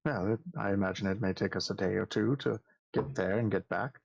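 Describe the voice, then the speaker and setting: A man's voice: lowish voice, a little fast, vocal fry, muffled recording. A man playing a courtly, formal-spoken adventurer in a tabletop game. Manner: formal, stately.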